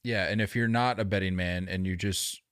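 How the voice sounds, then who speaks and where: A man co-hosting a sports podcast, chatting casually with animated, opinionated banter. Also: sits low, a little fast, smooth, dry recording, studio quality. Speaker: podcast co-host. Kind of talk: casual chat.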